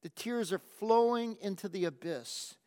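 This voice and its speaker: A man preaching a sermon, telling a story in a slow, gentle, reflective way. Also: high voice, smooth. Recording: long hall reverb.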